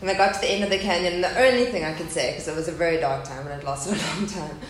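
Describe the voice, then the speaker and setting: Before a live audience at a faith gathering, a woman in her thirties delivers a rapid-fire testimony in a lowish voice. She's candid and earnest about loss, and the echoey hall carries a faint background hum.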